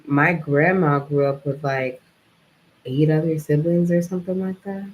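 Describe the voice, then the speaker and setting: A woman's voice: low-pitched, steady tone, measured pace, lo-fi sound, slight background noise. A young adult woman talking in a casual, reflective vlog monologue, rambling and filling her speech with "like" and "you know". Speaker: vlogger.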